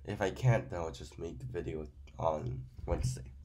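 A man with a fairly low voice who is sick, talking through a card review. He rambles with many fillers and uses grammar. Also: fairly even intonation, moderate pace, a little mellow, a little hiss or hum. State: sick, stuffy voice.

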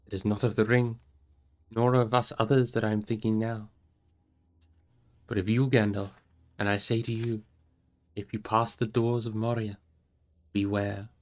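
A man reading aloud voices a weary male ranger who speaks quietly and heavily. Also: level tone, moderate pace, long pauses, natural voice. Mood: grave. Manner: low, heavy, quiet. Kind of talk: audiobook reading.

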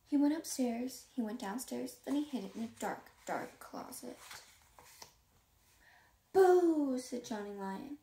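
A woman reading a children's storybook aloud, lively and playing up the sound words and dialogue. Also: a little high, normal speed, vocal fry, hardly any pauses, reverberant, far from the mic, a little hiss or hum. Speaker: reader.

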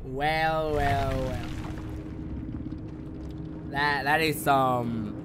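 A man streaming a horror game live, excitable and swearing, swinging between loud outbursts and low muttering, a native Spanish speaker. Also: drawn-out words, background noise. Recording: music playing loudly behind.

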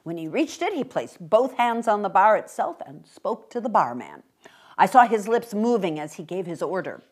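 A woman reading a short story aloud with expressive, brisk narration. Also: mid-range voice, husky. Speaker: reader.

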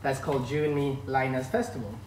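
A man's voice: medium pitch, fairly even intonation, fast, noisy background. Male host, 30s, Swedish accent, casual stream chatter, distant mic in a roomy space with faint ambience. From northern Sweden. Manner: chatty, greets chat viewers by name. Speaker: line dance instructor hosting a live stream. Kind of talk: casual live-stream chat greeting viewers. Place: room at home.

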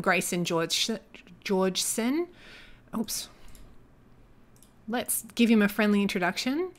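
A young woman chatting casually as she comments on her life-simulation gameplay, excitable and joking as she reacts. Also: medium pitch, normal speed, long pauses. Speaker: gaming YouTuber.

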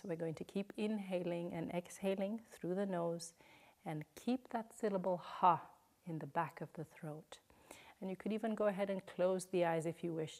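A woman guiding a yoga class, speaking slowly and soothingly, with some cues whispered. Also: on the low side, a little mellow. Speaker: yoga teacher. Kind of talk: guided yoga instruction.

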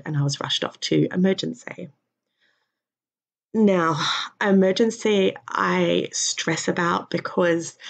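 Weary low-voiced woman, gravelly and husky. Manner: halting, with many pauses and fillers. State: tired and in pain. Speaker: vlogger. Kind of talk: personal health update vlog. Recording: dull lo-fi recording.

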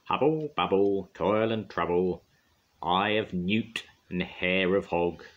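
A man's voice: low-pitched, slow pace, phone-quality sound. An older man voicing a cackling wicked old witch who chants spells for a storybook reading. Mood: chanting.

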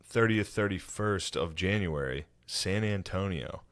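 Low-voiced man in relaxed podcast chat. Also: unhurried. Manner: excitable, bursts into loud high impressions while storytelling. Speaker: podcast co-host, comedian.

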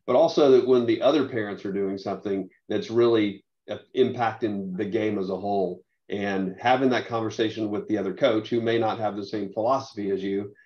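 A man who coaches soccer, speaking haltingly with many restarts in a webinar discussion. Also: on the low side, steady tone. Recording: muffled lo-fi audio.

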